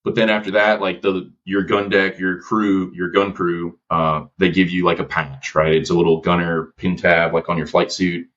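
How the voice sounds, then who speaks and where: A man telling a story as a podcast guest, with a relaxed, slangy manner and many fillers. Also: low-pitched, normal speed, few pauses. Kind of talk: casual storytelling. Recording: dull lo-fi audio.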